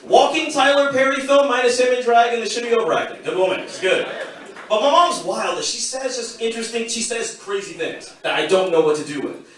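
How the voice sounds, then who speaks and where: A man's voice: very high voice, fairly quick, fairly bright tone. A man in his thirties doing a stand-up comedy set in a packed club, with wry, self-deprecating delivery. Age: 30s. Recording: echoey club from far off with crowd.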